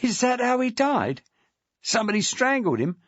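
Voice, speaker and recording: A man voicing a brash, crude, sharp-tongued ex-wife in a storybook reading. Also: extremely high pitch, very animated, moderate pace, no room sound, dull audio, pitched above the performer's own voice, full character voice. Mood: coarse, defiant. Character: coarse, brash chain-smoking ex-wife, a woman.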